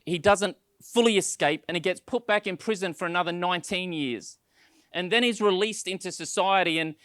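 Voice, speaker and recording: A man preaching a sermon with a voice that sits a bit high for a man. He tells stories and acts out the lines of the people in them, often stumbling over the first word of a sentence. The sound is dry and close, with no room echo. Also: fairly bright tone. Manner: storytelling with acted quotes, repeats words when starting sentences. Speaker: pastor.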